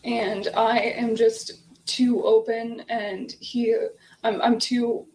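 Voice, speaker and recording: Woman answering slow, lots of um and you know, little higher voice. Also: flat delivery, a little mellow, poor audio. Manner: hesitant, many fillers. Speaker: interview subject.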